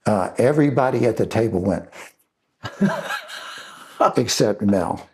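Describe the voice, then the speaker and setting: An older man with a low, mellow voice recounts stories in a sit-down interview. He is lively and animated, leans into his stories, and drops into the voices of the people he quotes. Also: fairly quick. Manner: animated anecdotal storytelling, acts out quoted voices. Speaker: screenwriter and director guest. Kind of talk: storytelling interview.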